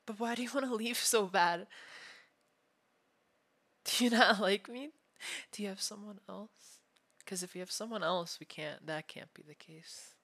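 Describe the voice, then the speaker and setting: A man's voice: high-pitched, a little slow, vocal fry, long pauses, exaggerated voice. A man voicing a whispery, clingy yandere femboy. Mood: clingy menacing. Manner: soft, unsettling, swings between sweet and threatening. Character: obsessive young male yandere femboy, clingy and menacing. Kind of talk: whispered role-play.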